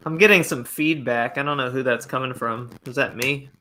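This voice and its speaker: A man's voice: mid-range voice, normal speed, background noise. A man hosting a podcast, chatting casually over a video call and laughing often. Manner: laughs often, banters loosely. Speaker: podcast host.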